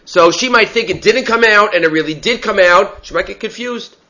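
A man's voice: sits high, a little fast, bright, forceful tone. A man giving a Talmud lecture, explaining step by step and often checking in with a rhetorical "right?". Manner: explanatory, asks rhetorical "right?" often, mixes Aramaic terms. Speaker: Talmud teacher. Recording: dull lo-fi recording.

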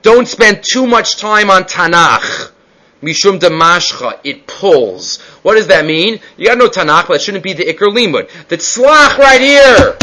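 High-voiced man teaching Talmud. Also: very animated, a little slow, pushed and bright, low-quality recording. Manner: reads each Hebrew and Aramaic phrase, then translates it in casual English. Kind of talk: Gemara class, translating and explaining.

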